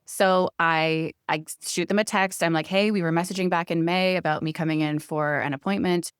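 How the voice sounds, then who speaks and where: A woman telling a story on a podcast, animated and quick to laugh. Her voice sits low and smooth, and the sound is close and dry with no room around it. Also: dry recording. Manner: animated storyteller, laughs often, acts out quoted lines. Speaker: podcast co-host. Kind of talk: casual storytelling chat.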